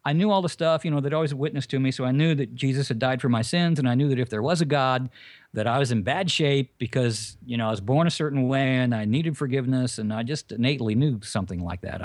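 A man giving a personal faith testimony in conversation, telling it as an animated story and asking himself emphatic questions. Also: mid-range voice, no echo.

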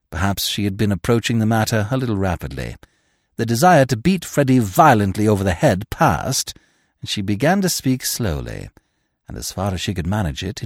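A man narrating a comic classic novel as an audiobook, telling it with expressive storytelling. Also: on the low side, dry recording, clean studio sound. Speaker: narrator and podcast host.

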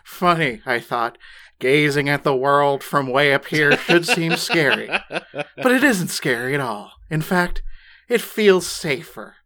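A man's voice: fairly high pitch, lively intonation, slow pace, bright, forceful tone, full character voice. A man reading a passage aloud as a mock-grandiose storybook narrator, amused and slightly stumbling. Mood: mock-solemn.

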